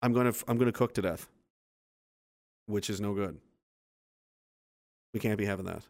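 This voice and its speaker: The voice is on the low side and darkish, moving at normal speed. He is hosting a casual livestream from home base on a hot day, working through viewer comments with profane, sarcastic, rambling replies.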